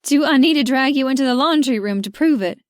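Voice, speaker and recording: A woman's voice: fairly high pitch, flat delivery, fairly quick, a little mellow, no room sound, clean studio sound, voice pushed up, close to an everyday voice. A woman narrator voicing an emotional young woman, a former pageant queen, in a tearful, pleading way. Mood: teasing.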